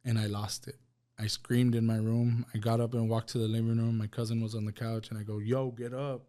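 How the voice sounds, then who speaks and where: A man telling a personal testimony on a podcast, halting and repeating words as he recounts what happened. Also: medium pitch, level tone, warm tone. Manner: halting, repeats words, quotes others in plain voice. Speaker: guest sharing a personal testimony. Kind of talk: emotional personal storytelling. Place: podcast studio.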